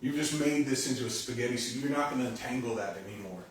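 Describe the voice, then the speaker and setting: Animated male pastor preaching in echoey hall. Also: mid-range voice, fast talker, distant mic, a little hiss or hum. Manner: conversational, animated, acts out quoted dialogue. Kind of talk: sermon. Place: church sanctuary. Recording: echoey church hall, speaker away from mic.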